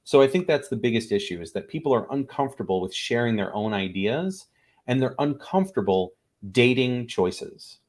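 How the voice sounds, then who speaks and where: A man's voice: mid-range voice, sing-song, moderate pace, a little mellow. A man, an improv teacher and guest on the show, talking in a casual interview and acting out little voices in his stories.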